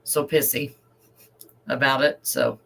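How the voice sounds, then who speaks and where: A man's voice: mid-range voice, fairly even intonation, vocal fry, bright, forceful tone, rough recording. A man reading a news story aloud and adding emotional asides as an online commentator. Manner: slow, emotional asides between read passages.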